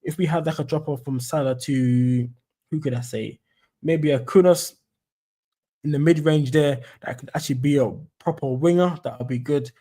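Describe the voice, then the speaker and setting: Young London bloke, casual streamer, rambling chat, mellow warm tone. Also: male voice, a little high, moderate pace. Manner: chatty, rambling, says "mate" and "you know what I'm saying". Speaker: football fan streamer. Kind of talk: casual live-stream commentary.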